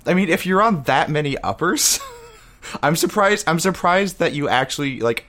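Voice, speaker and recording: A woman's voice: sits low, expressive, moderate pace, a bit bright. A woman co-hosting a casual group chat, joking and laughing often. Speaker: co-host.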